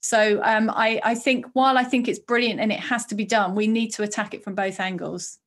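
A woman scientist with a fairly high voice, speaking as a guest on a podcast panel. She makes careful, considered points, often restarting her phrases as she thinks. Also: steady tone. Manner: measured, with frequent restarts and fillers.

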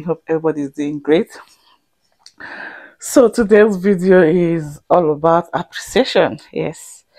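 A young woman vlogging to camera with heartfelt thanks, sighing and dropping into soft whispers at times. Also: fairly low pitch. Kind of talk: emotional personal vlog to camera.

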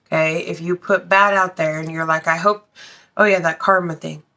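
A woman's voice: on the low side, fairly even intonation, moderate pace, pushed and bright. A woman reading tarot in a casual, blunt way, swearing freely and talking straight to her viewers. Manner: blunt, swears freely, breaks into sung lines. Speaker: tarot reader.

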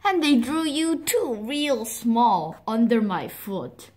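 A woman voicing small, excited chicks in a storybook reading, high and eager. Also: slow.

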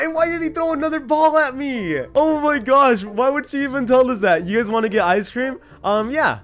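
Young male gaming host, high and very animated, giggly, quick reactions, faint music underneath. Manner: excitable, laughs often, reads in-game chat aloud. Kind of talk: casual gameplay commentary.

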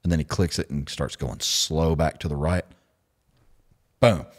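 A man hosting a podcast, telling stories in a lively, laughing way and acting out what others said. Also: a bass voice, a little slow. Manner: animated storyteller, laughs often, acts out quotes. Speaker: podcast host. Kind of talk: casual storytelling chat.

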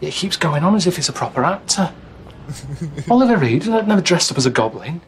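A man in his late thirties grumbling in a dry, blunt, deadpan way. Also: fairly high pitch, a little fast, a little hiss or hum. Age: 30s. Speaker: traveller on a comedy travel show.

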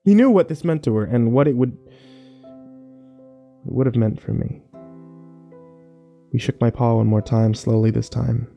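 A man narrating a first-person horror story slowly and wistfully, with small restarts. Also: medium pitch, creaky, mellow, highs cut off, soft background music.

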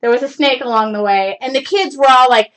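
The host of a live craft show, a woman in her forties, chats casually and rambles with many fillers in a high-pitched, slightly bright voice at a somewhat fast clip. Her computer mic on the live stream yields dull, lo-fi audio with a little hiss or hum.

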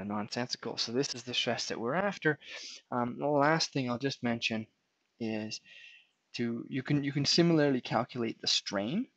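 A man lectures in a gravelly, slightly husky voice, talking through an explanation as he draws. He often stops and restarts his phrases. The sound is dry and dull, with a lo-fi edge. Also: medium pitch, fairly bright tone, dry recording. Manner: unscripted, restarts and fillers while drawing. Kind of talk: whiteboard lecture.

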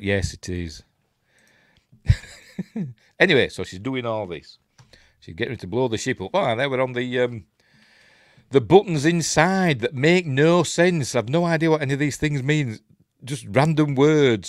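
A man's voice: mid-range voice, expressive, normal speed, no room sound, clean studio sound. A man with a Yorkshire accent, hosting a casual live watch-along and chatting in a rambling way while he reads on-screen text aloud. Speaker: host.

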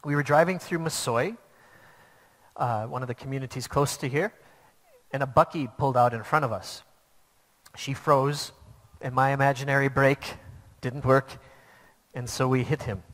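A man's voice: mid-range voice, moderate pace, long pauses, fairly bright tone. Earnest male preacher in a reverberant hall. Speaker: pastor. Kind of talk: sermon.

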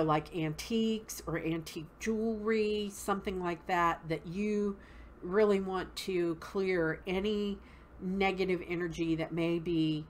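Southern woman, lowish voice, unhurried teacher, faint hiss behind. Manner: patient, explains step by step with frequent "okay?". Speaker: witchcraft teacher. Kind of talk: casual instructional talk.

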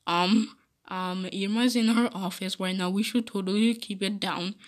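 A woman voicing a timid, gentle pony who hesitates with many ums. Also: mid-range voice, steady tone, normal speed, close to an everyday voice. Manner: hesitant, full of "um".

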